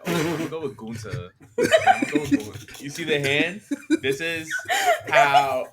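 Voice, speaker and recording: A man's voice: medium pitch, background noise. A man co-hosting a casual chat, teasing his co-hosts and telling stories with animation. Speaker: podcast co-host. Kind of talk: casual chat about wrestling.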